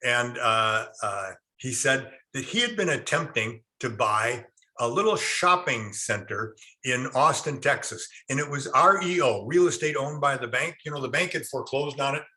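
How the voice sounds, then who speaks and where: A middle-aged man teaches a real estate class in a mid-range voice at a moderate pace. He's an animated, folksy storyteller who addresses his students directly.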